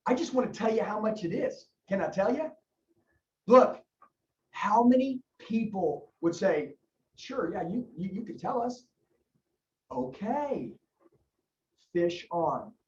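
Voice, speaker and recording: A man's voice: high voice, expressive. A man leading a sales training session, coaching with emphatic repetition and acting out talks with customers. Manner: fast, emphatic, coaching, repeats key phrases. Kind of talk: energetic sales training talk with role-played customer dialogue. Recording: roomy, distant, slightly dull sound.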